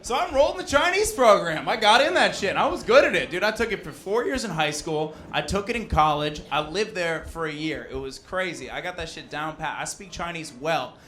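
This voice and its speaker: A young adult man does a brash, profane stand-up set in the basement of a loud bar, working the crowd in a fairly high, sharp voice. He's animated and a little fast, with few pauses, while the audience laughs and slight background noise comes through the live recording.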